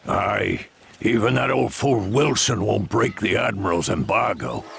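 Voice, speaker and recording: An actor playing a gravelly-voiced gossiping townsman in a video game. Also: on the low side, a little slow, fairly bright tone, a little hiss or hum, exaggerated voice.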